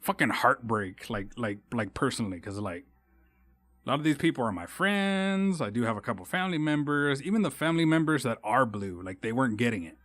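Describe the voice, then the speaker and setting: A man's voice: medium pitch, animated, fast, few pauses, a bit bright, no room sound. A young man from Texas hosting a solo podcast, ranting in a heated, rambling way with constant swearing and restarts. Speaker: podcast host. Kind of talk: casual solo podcast rant.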